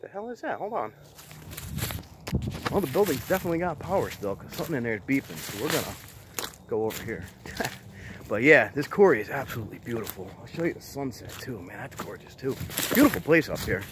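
A man's voice: mid-range voice, expressive, a little fast, pauses often, background noise. A man hosting a casual walk-and-talk vlog outdoors on top of a quarry, chatty and enthusiastic, rambling as he goes. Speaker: vlogger exploring abandoned sites.

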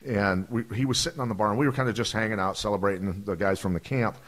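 A retired fighter tells profane stories on a podcast, acting out the voices of the people in them in a casual storytelling style. His voice sits on the low side and sounds fairly bright, and he talks fast with a steady tone.

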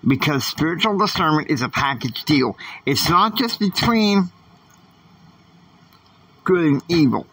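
A man's voice: on the high side, lively intonation, a little slow, pauses often, bright, forceful tone, slightly rough, distant mic, poor audio. A man hosting a podcast, giving an earnest, emphatic faith-based motivational talk. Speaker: podcast host.

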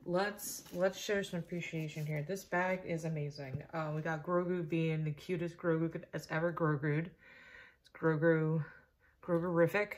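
A young woman vlogging an unboxing in casual chat, gushing and excitable, sometimes dropping to a whisper. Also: sits low, moderate pace. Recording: roomy echo, faint noise.

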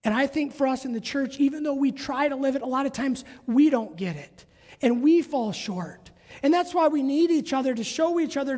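A woman's voice: high voice, darkish tone. A woman pastor preaching a sermon in a church, often asking her congregation questions. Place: church sanctuary. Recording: long church reverb.

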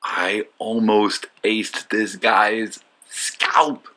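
A man's voice: fairly low pitch, little pitch movement, extremely slow, pushed and bright. A man giving casual voice-over commentary for his disc golf vlog, joking and mocking himself as he rambles with fillers.

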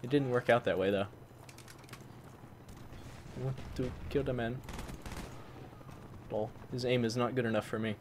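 A man doing excitable gameplay commentary, who swaps swear words for mild ones like "fudge" and breaks into loud, high-pitched outbursts. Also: a little slow, pauses often. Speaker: gaming channel host. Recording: faint game noise behind. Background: gunfire from the game.

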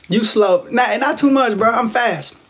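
A young man from Texas with a high voice chats loosely into his phone at home, reading out viewer comments and firing back teasing, slangy replies. A faint hiss and clatter hang under his voice. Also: unhurried, a bit bright. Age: 20s. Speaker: livestream host. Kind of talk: casual livestream chat reading viewer comments.

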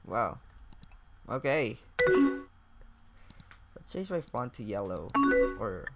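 Slow-talking young man narrating a game. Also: medium pitch, very noisy. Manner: reads chat aloud, swears and laughs often. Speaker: gaming YouTuber. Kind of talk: casual let's-play commentary.

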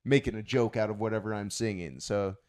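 A man's voice: fairly low pitch, a little fast, darkish tone. An American man from the Northwest, a comedy guest who stammers and restarts while chatting. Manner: stammering restarts, self-deprecating. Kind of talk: casual comedic chat.

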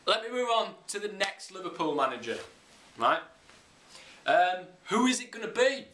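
A man's voice: on the high side, expressive, moderate pace, pushed and bright, a little hiss or hum. A young English man ranting bluntly about football, sweary and opinionated. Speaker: football vlogger. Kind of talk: casual ranting monologue. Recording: echoey room.

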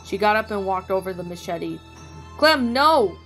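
A woman's voice: mid-range voice, fairly even intonation, fairly quick. A woman reading fan fiction aloud in a plain narrating voice, with small slips. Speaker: story reader. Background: faint music.

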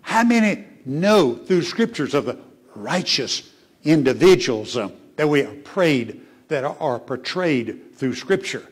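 A man preaching a sermon as a pastor, who swings between emphatic rises and hushed asides and asks his congregation questions. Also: fairly high pitch, sing-song, a little slow, breathy edge. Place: church sanctuary.

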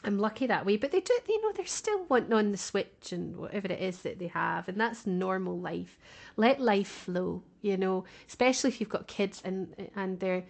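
A woman's voice: medium pitch, expressive, moderate pace, vocal fry, darkish tone. A woman co-hosting a podcast, talking casually and chattily and laughing often. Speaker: podcast co-host.

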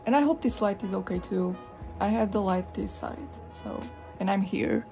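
A young woman from Europe chatting casually at home while showing her collection, rambling and expressive, slipping into animated retellings. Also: mid-range voice, moderate pace, vocal fry, music in the background. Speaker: vlogger. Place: hot room at home with a fan running.

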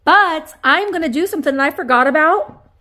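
A woman reselling antiques, chatting casually to viewers as she unboxes finds on camera, easily excited and talking to the objects. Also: high voice, fairly quick, slight background noise. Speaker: antique reseller and shop owner. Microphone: camera on a tripod.

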